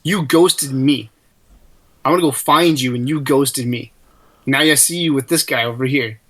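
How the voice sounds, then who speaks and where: This tabletop player has a medium-pitched, fairly bright voice and a fairly quick pace. In casual role-play, he rambles while describing his character's actions and swears a lot as he speaks heatedly in character.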